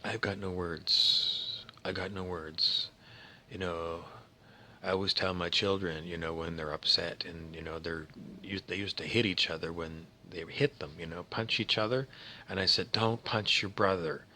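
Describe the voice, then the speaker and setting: A man delivering a theatrical motivational talk with a very low voice. His delivery is forceful and sharp, and he often slides into a whisper for effect. Faint background noise sits under the voice. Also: fairly even intonation, moderate pace. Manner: theatrical, dramatic, swings to whispers.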